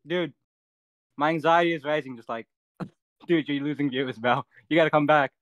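A man's voice: fairly high pitch, moderate pace, a bit bright, dry recording, muffled recording. A young man filling in on a live stream as the streamer's friend, flustered and joking to himself. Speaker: streamer's friend covering the chat. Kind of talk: casual live-stream chat.

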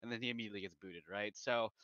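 A man's voice: fairly low pitch, steady tone, very fast, sharp tone, clean tone, no echo. A man co-hosting a podcast in casual chat, ranting in a heated, exasperated way. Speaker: podcast co-host. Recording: dull lo-fi recording.

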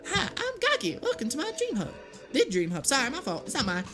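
A woman voicing a cheerful little guide creature in a dream-hub game, chirpy and squeaky. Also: wildly swooping pitch, brisk, over music.

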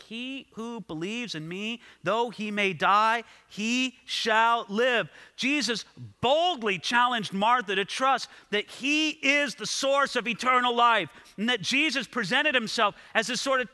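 A male pastor preaches in a church sanctuary, his voice set high and ringing very bright, with a long reverb trailing each phrase. He drives his points home with emphatic, repeated parallel lines. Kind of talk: sermon.

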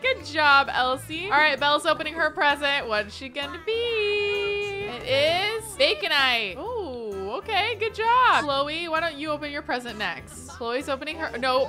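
High-voiced bubbly woman narrating gameplay. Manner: chatty, bubbly, talks to her game characters. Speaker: gaming video host. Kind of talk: casual gameplay commentary. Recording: music playing behind.

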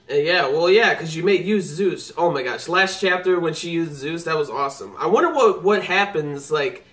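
Excitable high-voiced man reacting to a manga. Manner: excitable, exclaiming, rambling. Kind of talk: live reading reaction. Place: home computer setup.

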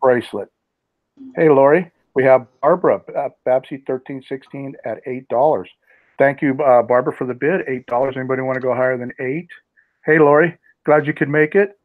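A man's voice: medium pitch, a little fast, no room sound. Man calling bids over a tinny line. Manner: calls bids and greets chat viewers by name. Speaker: live auction host. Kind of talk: livestream auction calling. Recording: tinny phone-like sound, dry.

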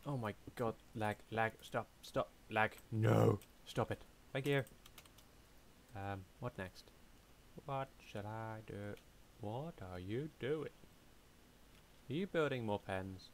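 A man's voice: on the low side, slow, pauses often, a little hiss or hum. Man muttering through a game. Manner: chatty, talks to himself, hums and mutters while playing. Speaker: gaming YouTuber. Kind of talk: casual let's-play commentary.

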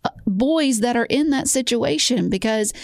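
An earnest woman co-hosting a casual talk show, her voice a little higher than most and gravelly. She restarts her sentences and presses her points. The sound is dry and close. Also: lively intonation, moderate pace, dry recording. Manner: earnest, restarts often, emphatic. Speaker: co-host.

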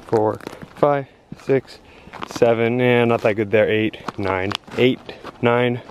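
A man's voice: mid-range voice, a little mellow, a little hiss or hum. A young man casually vlogging to a handheld camera outdoors in the snow and at home, chatty and at times out of breath. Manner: chatty, breathless after shoveling. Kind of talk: casual vlog chat.

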